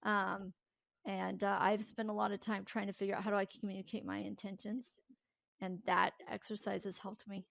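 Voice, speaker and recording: A woman's voice: mid-range voice, little pitch movement, normal speed, creaky, a bit bright, no room sound. A woman guest on a podcast interview, talking candidly and animatedly and laughing often. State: tearful. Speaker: podcast guest, company founder. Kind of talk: casual conversational interview.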